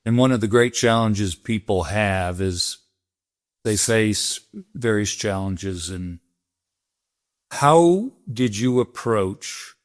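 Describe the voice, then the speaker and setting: A man's voice: on the low side, expressive, takes it slowly. A male host asking long, meandering questions with fillers in an interview.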